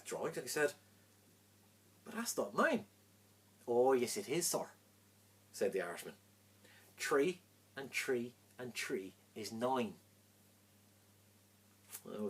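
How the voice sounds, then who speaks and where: A man telling a long joke with lively delivery. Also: mid-range voice, slightly rough. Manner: animated, acts out voices in punchlines. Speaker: joke teller. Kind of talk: storytelling a joke.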